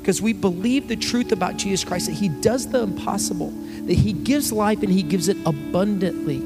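Gravelly-voiced man preaching a sermon. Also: high voice, moderate pace, loud music behind the voice. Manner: conversational preaching with acted quotes. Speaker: pastor.

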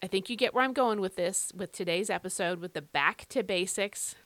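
A woman's voice: medium pitch, fairly quick, a bit bright, no room sound. A woman hosting a devotional podcast, reading scripture and teaching in an earnest, emphatic, conversational way.

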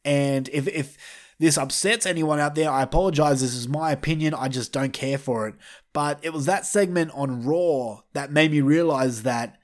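A man's voice: fairly high pitch, normal speed. Fired-up, foul-mouthed man ranting. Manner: blunt, heavily profane, fired up. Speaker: wrestling commentator vlogger. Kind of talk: opinionated rant.

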